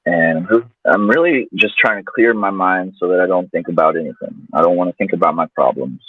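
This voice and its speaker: A man's voice: low voice, a little fast, slightly rough, dry recording. A man guest telling a personal story in a loose, casual way, full of fillers. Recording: tinny phone-like line, dry.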